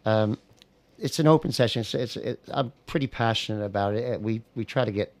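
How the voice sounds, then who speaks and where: A man's voice: medium pitch, fairly quick, a little mellow. An American man who plays guitar and writes songs, talking casually in a radio interview with a rambling, easygoing manner and plenty of fillers. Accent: American, picking up Scottish words. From United States. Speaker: singer-songwriter guest. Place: radio studio.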